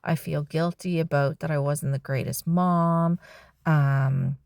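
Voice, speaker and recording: A middle-aged woman talking to camera in a personal, reflective vlog, heartfelt and halting, with sighs and restarts. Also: sits low, fairly even intonation, vocal fry, a little mellow, no echo, studio quality. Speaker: vlogger.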